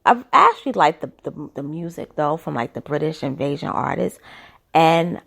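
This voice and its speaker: A woman's voice: deep voice, animated, normal speed, creaky, fairly bright tone. A woman talking through casual, opinionated commentary, asking skeptical rhetorical questions, her throat a little dry. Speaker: commentary vlogger.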